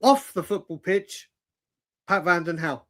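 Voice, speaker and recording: A man's voice: sits high, animated, a little slow, a bit bright. A man, telling stories animatedly on a casual live stream, swearing and saying "mate" constantly. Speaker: co-host.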